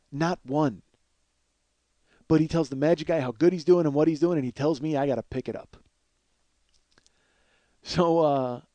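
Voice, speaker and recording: On a podcast, a comedian host with a mid-range, mellow voice tells a funny story, cursing freely and laughing his way through it. The recording has no echo, and the talk is a comedic storytelling monologue.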